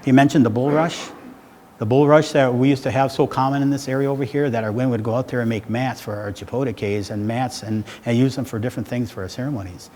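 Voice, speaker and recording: A man's voice: mid-range voice, fairly even intonation, quick pace, a little mellow. A middle-aged man gives a public talk in a loose, conversational storytelling way, often tossing in "right?" His voice sits in a middle register. A long hall reverb trails behind him, over a faint background hiss. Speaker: speaker giving a public talk. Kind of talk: rambling spoken storytelling.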